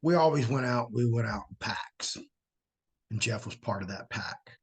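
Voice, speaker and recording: Husky man telling a wild story. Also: medium pitch, moderate pace. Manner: animated, acts out quotes in a raised voice. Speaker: host. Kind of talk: casual storytelling.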